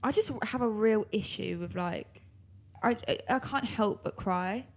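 Chatty young woman co-hosting a podcast. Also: mid-range voice. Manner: chatty, quick to laugh. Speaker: podcast co-host. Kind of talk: casual chat.

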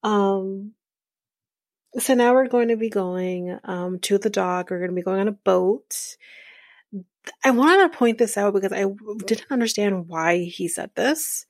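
A woman hosting a podcast, casually recapping a reality show in a chatty, rambling way with fillers and soft laughs. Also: mid-range voice, a little slow, dry recording, studio quality. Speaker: podcast host.

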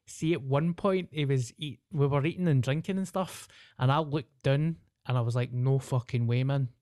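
A man's voice: fairly high pitch, normal speed, darkish tone, no echo, clean studio sound. A young man with a Glaswegian accent, co-hosting a podcast and telling a story in casual chat, swearing freely and laughing through it. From Scotland. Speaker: podcast host.

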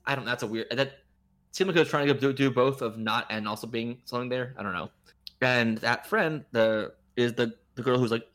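A man's voice: mid-range voice, brisk. A man co-hosting a casual podcast, retelling a movie plot in an incredulous, joking way. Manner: animated, incredulous retelling with laughs. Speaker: podcast co-host. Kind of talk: casual chat reviewing a movie.

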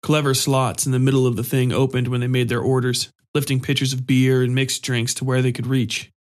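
Male narrator, steady even storybook read. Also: medium pitch, a little fast.

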